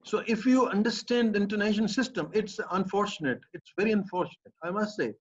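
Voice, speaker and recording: A man's voice: sits high, a little fast, breathy edge. A man with a Pakistani English accent, a professor explaining a point emphatically and piling up repeated phrases. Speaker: professor answering a student's questions. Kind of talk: explanatory academic talk. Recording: muffled lo-fi recording.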